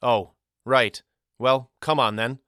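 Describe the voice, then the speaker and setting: A man voicing a gruff, dismissive boy in an audiobook. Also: medium pitch, steady tone, slow, pushed and bright, no room sound, clean studio sound.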